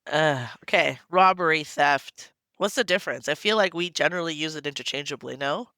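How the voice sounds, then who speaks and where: A woman podcast co-host with a cold, talking in a deep husky voice in casual chat. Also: lively intonation, fast talker, sharp tone, no echo, studio quality. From Canada. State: hoarse from a cold. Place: temporary room at home with fans running.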